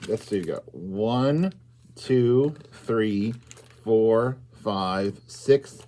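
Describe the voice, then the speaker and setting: A man reading a picture book aloud to young children at storytime, asking them questions and bursting into loud exclamations. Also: fairly low pitch, drawn-out words.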